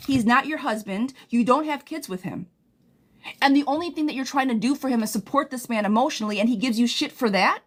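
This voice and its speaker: A fairly high-voiced woman reads tarot on a live stream. She talks straight to her viewers, blunt and profane, and swings between tough love and reassurance. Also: a little fast. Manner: blunt, profane, impassioned advice. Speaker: tarot reader.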